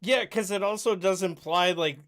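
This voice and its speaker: A man's voice: high-pitched, moderate pace, a bit bright. A man co-hosting a podcast, chatting casually and laid-back, often agreeing. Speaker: podcast co-host. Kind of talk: casual banter.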